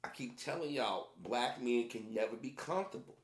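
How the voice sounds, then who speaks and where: Male vlogger, casual rant, emphatic and repetitive, mid-pitched voice, roomy echo. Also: lively intonation, normal speed. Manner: emphatic, repetitive, conversational, with many restarts. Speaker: commentary vlogger.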